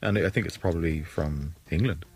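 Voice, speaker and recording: A man's voice: low-pitched, brisk, darkish tone, slightly rough, no room sound. A man co-hosting a casual chat, dry and teasing, often correcting the host.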